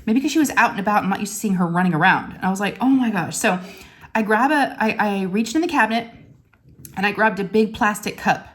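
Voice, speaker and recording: A woman vlogger telling a story in a chatty, animated way, full of "I'm like" asides. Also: mid-range voice, quick pace. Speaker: crafting vlogger. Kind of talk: casual storytelling vlog.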